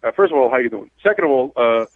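A man's voice: mid-range voice, expressive, racing, no echo. A man, a cab driver hosting a talk radio show, blunt and rambling as he tells stories. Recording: tinny phone-like dry sound.

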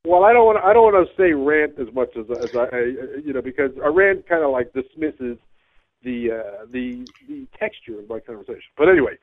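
A man's voice: mid-range voice, expressive, a little fast, dry recording. Rambling, stammering man on a phone line. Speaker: caller, taxi driver. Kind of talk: animated call-in storytelling.

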